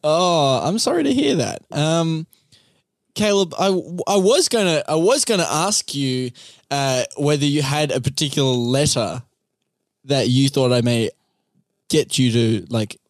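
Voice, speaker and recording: A man's voice: a little high, lively intonation, unhurried, no echo, studio quality. Chatty young man hosting a game. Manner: playful, laughs often, game-show patter. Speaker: podcast co-host. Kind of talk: casual podcast chat.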